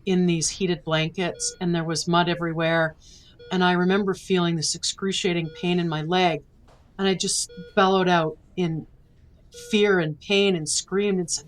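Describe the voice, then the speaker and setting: A woman's voice: on the low side, fairly even intonation, normal speed, low-quality recording. A middle-aged woman from Canada, a podcast guest vividly and emotionally retelling a personal story.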